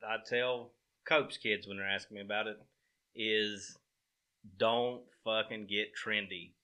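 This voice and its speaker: A man's voice: on the low side, steady tone, measured pace, pushed and bright, clear, resonant tone. A man hosting a casual chat, blunt and swearing freely.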